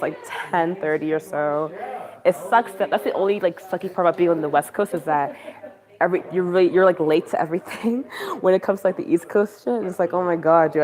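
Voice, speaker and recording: A woman livestreaming on her phone from a campaign office, chatting casually and rambling with lots of fillers. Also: on the low side. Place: busy campaign office indoors. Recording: crowd chatter behind.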